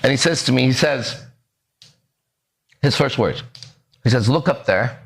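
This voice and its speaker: A man in his forties hosting a podcast, telling a story in a lively way that acts out the voices and keeps checking in with the listener. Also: medium pitch, measured pace, creaky. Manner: animated, acts out quoted lines, keeps checking in with "right?". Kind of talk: casual storytelling.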